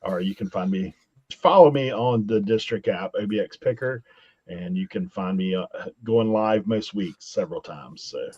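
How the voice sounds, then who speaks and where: A man appears as a guest on a casual podcast chat, talking earnestly and padding his thoughts with fillers. The sound is dull and lo-fi, and his voice is dry and mid-pitched. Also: normal speed, darkish tone, slightly rough, dry recording. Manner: earnest, filler-heavy advice. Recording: dull lo-fi audio.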